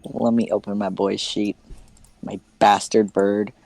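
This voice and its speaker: A woman playing a tabletop game, describing her character's actions in a hesitant, halting way. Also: very deep voice, flat delivery, creaky, darkish tone, no echo, poor audio. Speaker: player.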